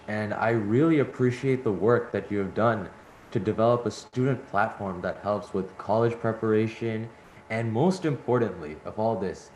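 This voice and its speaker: Moderating an online event, a man responds to a speaker in a rambling way, full of restarts and fillers. His voice is on the low side and a little mellow, in an echoey room with a faint hum.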